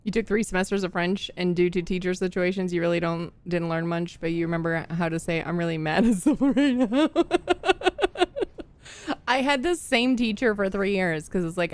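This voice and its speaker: A young Midwestern woman livestreams games, her voice smooth and on the low side. She chats casually with viewers, rambling through stories, laughing a lot and greeting people as they arrive.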